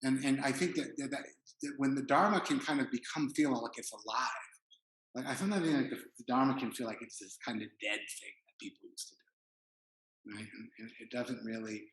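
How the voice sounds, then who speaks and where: A man's voice: medium pitch, a bit bright. Male meditation teacher, casual rambling dharma talk, roomy hall. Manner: casual, rambling, many "like" fillers. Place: retreat hall.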